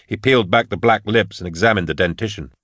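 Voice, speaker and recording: Low-voiced male audiobook narrator. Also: fast, fairly bright tone, no room sound, clean studio sound. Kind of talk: scripted narration.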